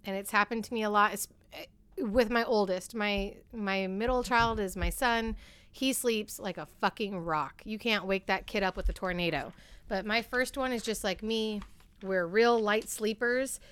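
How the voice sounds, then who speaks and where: A woman's voice: mid-range voice, normal speed, fairly bright tone, clean tone, dry recording. A mother of three in her thirties chatting casually about parenting, joking at her own expense and swearing casually. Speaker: podcast co-host. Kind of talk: casual chat.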